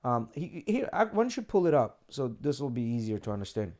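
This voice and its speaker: A man's voice: medium pitch, very animated, a little fast, darkish tone. A man co-hosting a podcast, talking loosely and casually, swearing freely and explaining things step by step. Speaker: podcast co-host.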